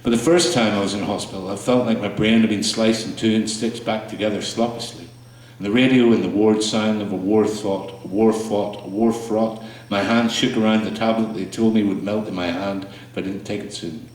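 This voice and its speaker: Low-voiced man reading poems in an echoey room. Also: steady tone, darkish tone. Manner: slow, halting delivery with fillers between poems. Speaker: poet performing his work. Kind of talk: spoken word poetry reading. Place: small room with audience. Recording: echoey room, mic far off.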